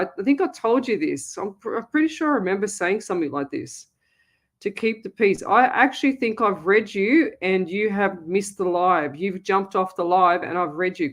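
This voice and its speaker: A woman hosting a live psychic radio show, chatting casually and reading viewers' comments aloud. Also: medium pitch. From Australia. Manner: eats while talking. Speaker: psychic medium radio host.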